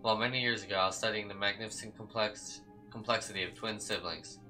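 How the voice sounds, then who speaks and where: A man's voice: on the low side, fairly even intonation, quick pace, sharp tone, faint music behind, low-quality recording. A man reading a smug old scheming doctor. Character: cold older male doctor, scheming and smug.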